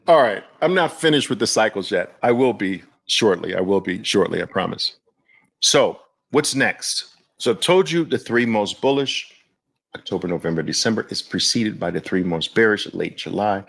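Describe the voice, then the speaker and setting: A man hosting market commentary, animated and exclamatory, with an incredulous edge. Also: lowish voice, measured pace, vocal fry, pauses often, breathy edge. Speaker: host.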